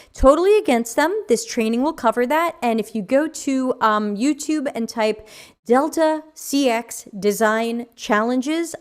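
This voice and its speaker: A woman's voice: a little high, darkish tone. A woman with a New York accent hosting a livestream, chatting casually and reading viewer comments aloud with frequent fillers. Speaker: podcast host.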